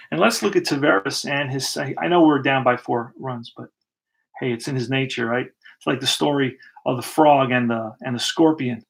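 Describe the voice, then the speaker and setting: Rolling dice and drawing cards, a man narrates a tabletop baseball replay as host, calling it casually play-by-play and thinking out loud in a relaxed way. He speaks at a medium pitch with a creaky quality.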